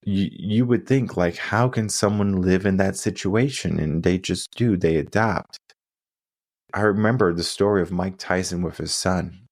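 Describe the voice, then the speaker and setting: Earnest stories and lessons fill this solo coaching podcast, its male host often pausing for check-in asides. He speaks a little slowly in a low, slightly mellow voice, captured as a dry, studio-quality recording.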